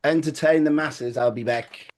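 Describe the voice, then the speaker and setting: A man's voice: a little high, moderate pace. A man, chatting casually on a podcast in a rambling, stop-start way. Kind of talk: casual chat.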